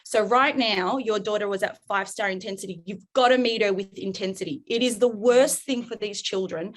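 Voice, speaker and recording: With a mid-range voice and a slightly fast pace, the parenting coach speaks with animation in a podcast interview, performing role-plays in which she voices both parent and child.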